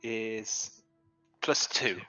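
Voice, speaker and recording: A man chatting as a player in a tabletop game, joking with quick asides. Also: fairly low pitch, pushed and bright, soft background music. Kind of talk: casual tabletop game chat. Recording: muffled lo-fi stream audio.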